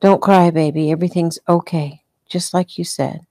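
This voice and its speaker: A tender young husband lying injured in a hospital bed, read by a woman. He speaks softly and slowly in a low, gravelly, mellow voice. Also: steady tone, no room sound, studio quality, lightly acted.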